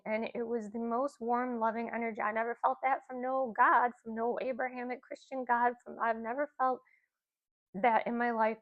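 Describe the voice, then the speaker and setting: A woman's voice: a little high, muffled recording. A woman in her forties casually telling a personal spiritual story, rambling with many fillers and asides. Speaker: spiritual content creator.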